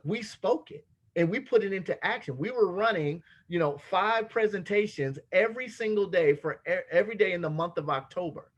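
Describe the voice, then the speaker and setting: A man's voice: high-pitched, muffled recording. A man leading a motivational business training, talking casually and acting out bits of everyday dialogue. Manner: animated, acts out little dialogues in other voices. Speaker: team leader giving business training.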